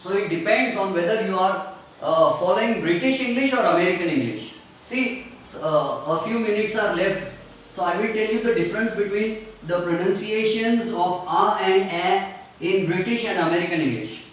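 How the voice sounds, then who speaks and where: A male English teacher lectures slowly and deliberately, repeating each example for his class, his voice sitting fairly high. He is recorded from a distance in a very echoey room. A faint hiss runs under the recording.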